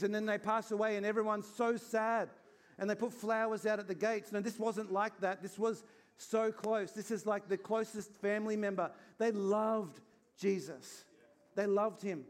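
A man preaching an Easter sermon in an earnest, conversational way, acting out little scenes as he goes. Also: sits high. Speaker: pastor.

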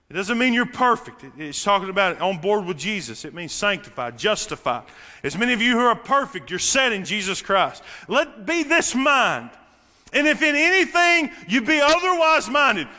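A man preaching a sermon as pastor in a church sanctuary, swinging from shouting to a quiet, intimate near-whisper. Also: high-pitched, long reverb tail.

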